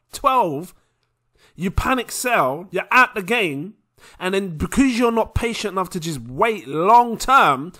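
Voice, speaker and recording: A young man hosting a casual crypto vlog, animated and laughing often. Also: high voice. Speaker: crypto video host.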